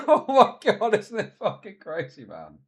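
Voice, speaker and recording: Speaking at a measured pace in a high-sitting voice, a man in his thirties chats casually on his live stream. He tells lively stories, laughs a lot and swears freely.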